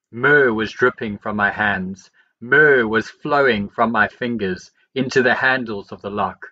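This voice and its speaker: A man reading the Bible aloud, verse by verse, in a steady and measured way. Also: medium pitch, muffled recording. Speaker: Bible reader.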